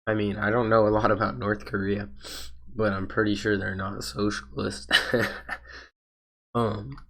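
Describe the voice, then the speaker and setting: A man's voice: lowish voice, flat delivery, unhurried, a bit bright. A man who is sick and losing his voice, streaming and reacting to a video with rambling, hesitant casual commentary. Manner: rambling, hesitant, full of restarts.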